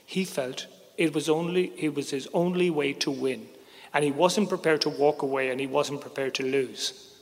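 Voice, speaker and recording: Middle-aged man, gravelly voice, fairly high pitch, wry storytelling, long hall reverb. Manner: wry, measured, drops quietly on heavy moments. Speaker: sports journalist. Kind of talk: first-person storytelling.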